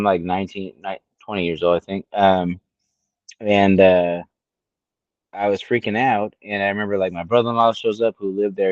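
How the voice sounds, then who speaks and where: A man in his late thirties tells a story on a casual podcast. His voice sits low, he swears freely, and he acts out what others said. The recording is dry and a bit dull. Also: dry recording. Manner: profane, storytelling, animated quoting. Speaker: podcast co-host.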